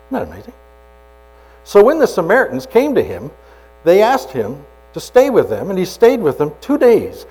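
A male pastor delivering a dramatic storytelling sermon. His voice sits slightly high and leaps around in pitch, swinging between loud emphasis and hushed asides. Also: wildly swooping pitch, moderate pace, husky, poor audio.

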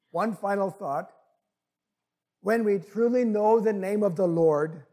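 A man preaching a sermon in an earnest, deliberate way. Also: high voice, mellow.

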